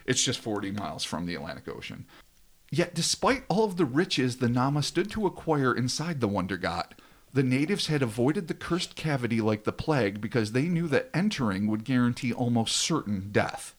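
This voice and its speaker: A man's voice: mid-range voice, sing-song, moderate pace. A man hosting a casual podcast, reading a dramatic script aloud and breaking off into joking asides. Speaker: podcast host.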